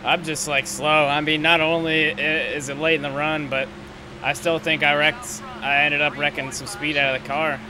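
A young man giving profane, running commentary while playing a racing game, shifting between low muttering and yelling rants. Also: flat delivery, normal speed, crowd noise. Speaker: gaming YouTuber.

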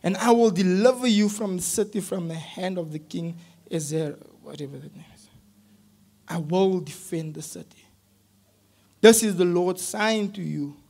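Guy preaching in a church, pretty high voice, casual slang, gets loud and pleading then drops to quiet reading. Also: unhurried, pauses often. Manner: informal slang mixed with scripture reading. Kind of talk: sermon.

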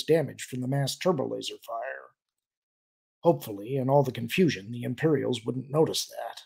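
A man reading a science-fiction novel aloud as a steady audiobook narrator. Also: mid-range voice, normal speed, creaky, breathy edge. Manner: steady storytelling delivery. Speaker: audiobook reader. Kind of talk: scripted narration.

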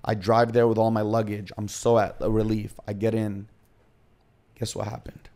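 A man sits in as a podcast guest and tells his own story in clipped, confessional bursts. His voice sits low, with little rise and fall in pitch. His tone is dark and mellow. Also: level tone, normal speed. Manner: confessional, retelling events in short present-tense bursts.

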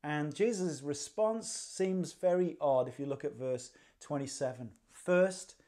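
A man's voice: on the high side, a little slow, mellow. A man preaching a livestreamed sermon, conversational and dryly humorous, with rhetorical questions. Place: church livestream.

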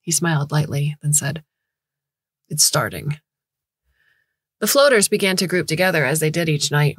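A woman narrates a short story as a scripted audiobook reading, measured and steady. Her voice is low and slightly husky, and the recording is close and dry with no room sound. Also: no room sound.

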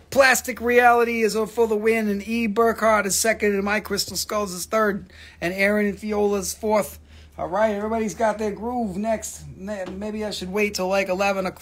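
A middle-aged man with a Southern American accent, his voice pitched noticeably high. He rambles excitedly and swears freely as he hosts a live sale. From Southern United States. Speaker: host selling rocks. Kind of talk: live sales stream chat.

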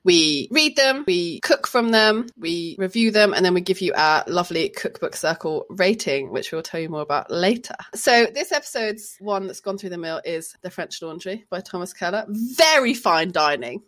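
A woman's voice: fairly low pitch, normal speed, hardly any pauses, a bit bright. A woman co-hosting a food podcast, talking casually and playfully, often laughing as she introduces the topic. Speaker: podcast co-host. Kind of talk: casual chat.

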